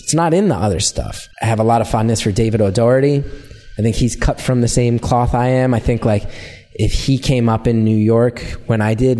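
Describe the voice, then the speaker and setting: An American man, a comedian guest, chatting casually in an interview and telling animated, self-deprecating stories. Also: fairly low pitch. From United States.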